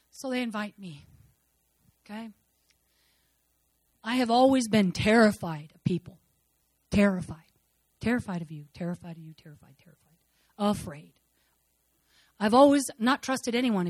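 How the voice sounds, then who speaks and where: A woman giving an emotional church testimony, fervent and repetitive, moving between loud declarations and hushed murmurs. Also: medium pitch, dry recording. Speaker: speaker sharing a personal testimony.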